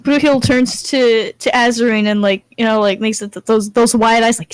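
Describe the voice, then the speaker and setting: A woman playing a tabletop game, animated and jokey, with casual swearing. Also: fairly high pitch, moderate pace, clean tone, no echo, poor audio. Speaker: player.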